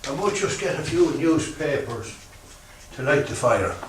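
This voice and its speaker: Rambling older Irish farmer, lively pitch. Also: male voice, unhurried, a little hiss or hum. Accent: Irish, rural Meath. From Ireland. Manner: rambling, chatty, folksy storytelling. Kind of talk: casual documentary talk. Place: farmhouse, indoors.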